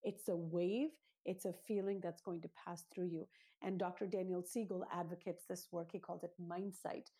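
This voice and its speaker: A woman with a slightly husky, low-pitched voice speaks as a guest in an interview. Her tone is dark and mellow. She lays out her points in an earnest, teacherly way, step by step. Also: fairly even intonation, normal speed. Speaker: parenting author, guest. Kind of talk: explanatory interview talk.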